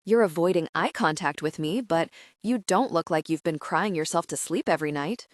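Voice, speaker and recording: Woman doing a nosy teasing bestie, lowish voice, dry audiobook sound. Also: normal speed, dry recording, natural voice. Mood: prodding. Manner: playful, prying teasing. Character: teasing, candid young woman best friend. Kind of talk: audiobook character voice.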